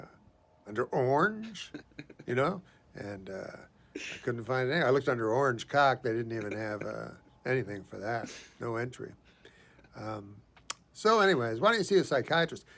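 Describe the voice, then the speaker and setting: A man delivering a rambling deadpan anecdote in a recorded personal video message, halting and full of pauses and fillers. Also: medium pitch, creaky.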